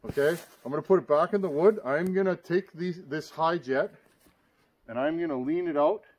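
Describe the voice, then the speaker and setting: A man's voice: on the high side, moderate pace, a little mellow, husky. A man giving a hands-on workshop demonstration, talking plainly and directly to viewers as "guys," raising his voice at times. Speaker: chainsaw repair demonstrator.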